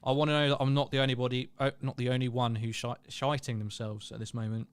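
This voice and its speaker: A man's voice: mid-range voice, flat delivery, quick pace, clear, resonant tone, no echo. A young man hosting a live match watchalong, chatting casually, reading viewer comments and calling the play. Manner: chatty, self-deprecating, reads out viewer comments.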